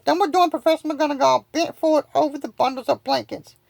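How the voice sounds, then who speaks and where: High-voiced woman reading aloud. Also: fast, creaky, darkish tone, no room sound, low-quality recording. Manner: reads with frequent slips and restarts. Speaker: reader. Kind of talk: amateur audiobook reading.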